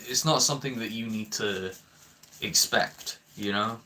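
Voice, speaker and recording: A man's voice: fairly low pitch, a little slow, bright, forceful tone. A young man ranting to his viewers, heated and swearing often, with frequent stammering restarts. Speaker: vlogger. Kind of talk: ranting commentary to camera.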